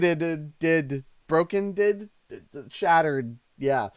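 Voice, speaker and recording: A fairly high-pitched man from Canada talks casually to his live-stream chat. He gushes and stammers, repeating words as he goes. The sound is close and dry. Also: animated, slow, dry recording. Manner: emotional and effusive, stammers and repeats himself.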